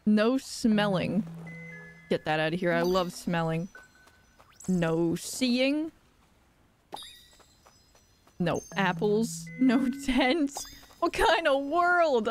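A young woman live-streaming a game playthrough, playful and giggly, reacting out loud. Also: on the high side, slow pace, pauses often, faint music behind.

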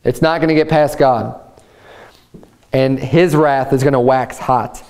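An American pastor preaches a sermon with passion, stumbling into restarts and repeated words as he presses his point. His mid-range voice is steady and somewhat dark in tone, and he speaks unhurriedly.

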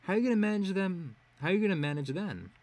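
A man's voice: high voice, expressive, quick pace, darkish tone, pitched above the performer's own voice. A man doing a brash teenage superheroine. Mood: threatening. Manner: blunt, threatening.

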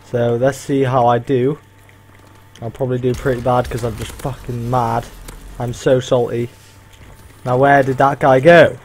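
A man's voice: mid-range voice, flat delivery, a little slow, long pauses, darkish tone, slight background noise. A young man ranting and swearing through live commentary as he plays an online shooter. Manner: frustrated, ranting and swearing at lag. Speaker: gaming channel host.

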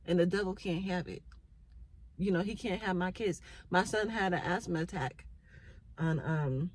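Her voice is fairly low with a breathy edge, and the recording is low quality. She's a mother sharing faith thoughts, speaking casually yet earnestly about faith and family in a preachy, heartfelt manner.

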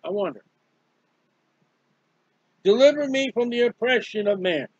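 A man's voice: very high-pitched, lively intonation, a little slow, slightly rough, no room sound. A man preaching a fervent, emphatic Bible study sermon, repeating key phrases. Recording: dull lo-fi dry recording.

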